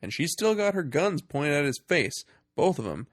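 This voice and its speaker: This co-host of a laid-back comedy podcast is a man whose fairly high voice moves at a normal speed as he recaps a film amid plenty of laughter. Lively throughout, he performs quotes in goofy voices. The sound is studio quality with no echo.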